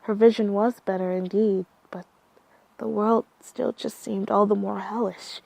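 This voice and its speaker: Slow gravelly woman narrating horror. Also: medium pitch, level tone, a little mellow, no echo. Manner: slow, measured reading.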